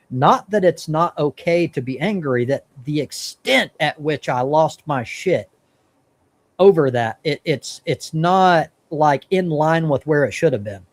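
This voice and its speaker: A man's voice: on the high side, animated, measured pace. A man hosting a live stream, talking casually and bluntly with plenty of swearing as he works through his thoughts. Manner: blunt, profane, talks through his thinking. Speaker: stream host.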